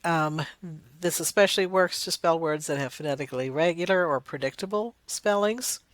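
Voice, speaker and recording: A woman lecturer explaining spelling development, sounding out words slowly to demonstrate. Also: deep voice, no room sound. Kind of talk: recorded lecture.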